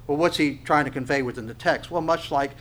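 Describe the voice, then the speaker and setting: This pastor's voice is on the high side and a bit bright as he preaches a little fast, with slight background noise. His expository sermon on a Bible passage is full of rhetorical questions, mounting emphasis and restarted phrases.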